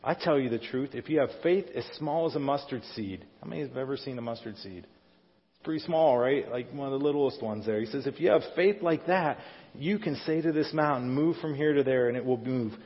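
In a church sanctuary, a middle-aged male pastor delivers a conversational sermon at a brisk pace in a mid-range voice, often putting questions to the congregation. The recording sounds dull in a reverberant hall.

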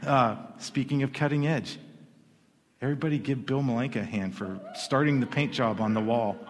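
A man's voice: mid-range voice, moderate pace. A man preaching a sermon in a church, in a conversational way that often restarts his words. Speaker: pastor. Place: church sanctuary. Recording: long hall reverb.

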